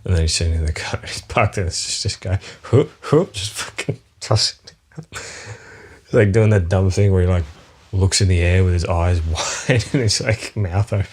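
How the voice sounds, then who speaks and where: Australian male podcast host, very low voice, loose profane comedic monologue. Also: normal speed, breathy edge. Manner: rambling, profane, chuckling often.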